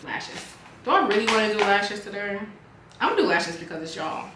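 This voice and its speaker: Doing her makeup, a beauty vlogger and business owner chats casually with her viewers, animated and talkative as if they were friends. Her voice is medium in pitch and a little fast, with background noise. The room is echoey, and faint music plays.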